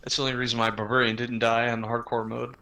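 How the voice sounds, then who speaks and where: A man's voice: medium pitch, flat delivery, quick pace, pushed and bright, slight background noise. A man making dry, wisecracking remarks in casual chat while gaming. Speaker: game player.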